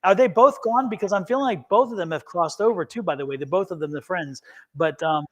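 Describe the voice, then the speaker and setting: A high-pitched man reads tarot on a live stream, speaking earnestly and reassuringly. He often stops mid-phrase, repeats himself and starts over. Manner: halting, many restarts and repeated words. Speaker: tarot reader. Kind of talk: live-streamed psychic reading.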